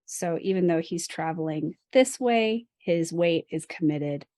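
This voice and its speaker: A woman's voice: fairly low pitch, a little slow, warm tone, no room sound. A woman co-hosting a dance podcast, explaining partner technique in casual chat, laughing often and adding playful asides. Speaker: dance instructor co-host.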